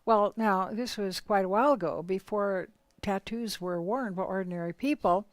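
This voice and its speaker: A woman telling a spiritual story in a lively, dramatic way, with sudden shifts in loudness. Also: medium pitch, normal speed, no echo.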